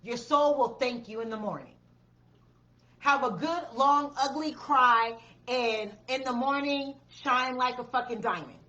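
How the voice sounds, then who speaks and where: A woman's voice: high voice, measured pace, pushed and bright, muffled recording. A woman giving a blunt, profane tarot reading, repeating her commands with emphasis. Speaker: tarot reader.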